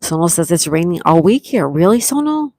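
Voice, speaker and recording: Soft-spoken woman chatting on a livestream. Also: on the low side, big pitch swings, fairly quick, dry recording. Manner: chatty, reads viewer comments aloud and thanks them; soft-spoken with sweet exclamations. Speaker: livestream host. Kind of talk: casual live chat reading comments. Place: outdoors near calm water.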